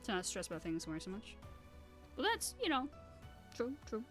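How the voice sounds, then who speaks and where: A young woman streamer rambles through her stories in a loose, casual chat, and often acts out the other people in them. Her voice sits at an ordinary middle pitch. Soft music plays quietly behind her. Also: moderate pace. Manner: rambling, animated storytelling with acted-out quotes and laughter. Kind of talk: casual chat while painting on a live stream.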